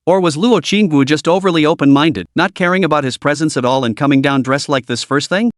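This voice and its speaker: A man's voice: on the high side, brisk, no room sound, studio quality, lightly acted. A man voicing a lazy, teasing young male bodyguard with a sly, mocking manner. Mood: musing.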